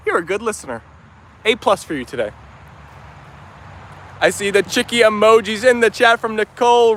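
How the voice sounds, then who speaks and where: This high-pitched man with a fairly bright voice hosts a casual livestream outdoors in a yard with dogs and chickens, and a little hiss or hum is audible. He's chatty and upbeat, greeting viewers by name and reading their messages aloud.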